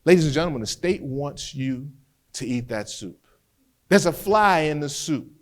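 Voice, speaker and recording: Brief: male defense attorney giving a lecture with courtroom stories, higher-pitched, animated, stumbling restarts. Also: normal speed. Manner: animated storyteller who repeats words as he restarts. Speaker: criminal defense lawyer teaching trial skills.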